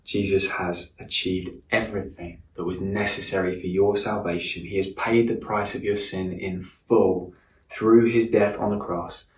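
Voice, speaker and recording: A man preaching a sermon in an earnest way, slowing down and softening his voice for emphasis. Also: deep voice, steady tone, a little hiss or hum. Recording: echoey room from a distance.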